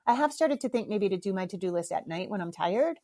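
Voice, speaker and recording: A woman's voice: medium pitch, lively intonation, brisk, dark tone. Chatty, candid woman podcast host. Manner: chatty, candid, swears casually, laughs at herself. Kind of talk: casual solo podcast talk.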